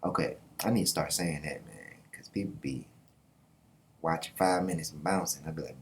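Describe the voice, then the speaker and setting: A man hosting his own video channel, talking in a casual, slangy, animated way with quick asides and laughs. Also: extremely low pitch, vocal fry, a little hiss or hum. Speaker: YouTube host. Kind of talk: casual commentary.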